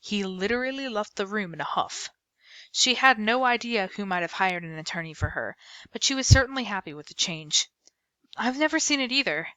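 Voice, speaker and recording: A woman reading a middle-grade novel aloud in an expressive storybook manner. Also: mid-range voice, brisk, dry recording. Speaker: book reader.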